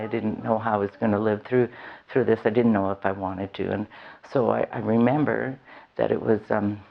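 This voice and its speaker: A woman's voice: rumbling low, creaky, highs cut off. A woman frankly telling her recovery story to a live audience, with a wry, self-mocking humor. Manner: candid, wry, laughs often at herself. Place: event hall with an audience.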